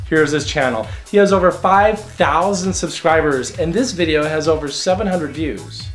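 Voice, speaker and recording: A man's voice: fairly high pitch, moderate pace, soft background music. A man hosting a comedic video commentary show, talking in a sassy, catty, campy way. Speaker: show host.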